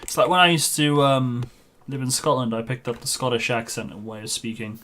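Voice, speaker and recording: A male streamer talks casually as he plays, his voice sitting at an ordinary middle pitch. He rambles loosely from one anecdote to the next. He chuckles at his own stories as he goes. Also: fairly even intonation, a little fast, a bit bright. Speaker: game streamer. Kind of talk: casual chat while gaming.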